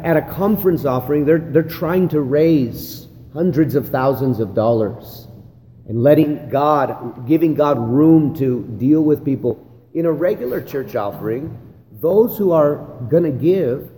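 Pastor, male, warm low-key delivery, chatty church-leadership lesson; long hall reverb, slight room hiss. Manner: conversational, repeats "right?" and "again". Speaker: pastor training other pastors. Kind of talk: church leadership teaching talk. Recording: long hall reverb, faint ambient noise.

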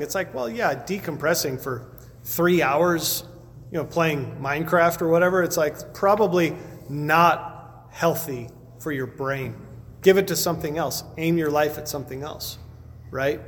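A man's voice: on the high side, moderate pace. A male pastor preaching in a conversational way, often repeating words as he answers questions. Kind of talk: sermon with Q&A. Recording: reverberant hall with faint background noise.

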